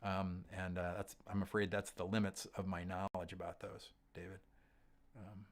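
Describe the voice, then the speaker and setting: A deep, low-pitched man talks through viewer questions on his livestream. He rambles casually, stopping and restarting often with ums, and sounds middle-aged and unhurried. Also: flat delivery. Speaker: host of a gear livestream. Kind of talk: casual livestream chat reading comments.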